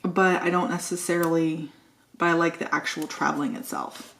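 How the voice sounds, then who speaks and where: A woman's voice: low voice, fairly even intonation, moderate pace. A woman chatting casually and thinking aloud while decorating a planner, joking at her own expense. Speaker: planner vlogger.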